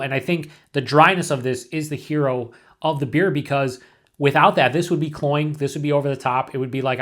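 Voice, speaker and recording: A man's voice: medium pitch, a bit bright. Casual man reviewing a beer aloud. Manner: thinking aloud, rambling with restarts and asides.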